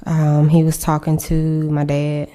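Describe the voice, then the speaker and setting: A woman recounting a personal ordeal in an interview, halting and searching for words. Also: sits low, monotone, warm tone. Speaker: survivor interviewed.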